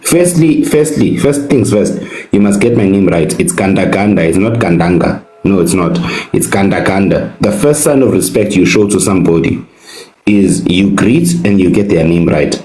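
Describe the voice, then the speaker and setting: South African man, low-pitched, indignant panelist repeating himself, roomy echo. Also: moderate pace, warm tone. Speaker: live panel debater. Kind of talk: heated live debate.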